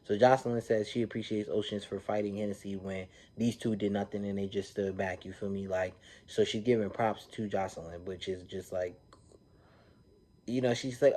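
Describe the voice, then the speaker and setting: A man recapping a reality TV episode in a casual, animated, slang-filled way, often checking in with "you feel me". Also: lowish voice, brisk.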